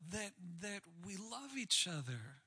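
Bright, breathy-voiced male preacher. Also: high-pitched, big pitch swings, takes it slowly. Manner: candid, self-deprecating, conversational. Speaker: pastor speaking on marriage. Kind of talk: sermon.

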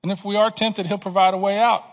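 A man's voice: high voice, little pitch movement, fast, big-room sound. A man preaching a sermon to his congregation, asking questions and pressing his points with emphasis. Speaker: pastor.

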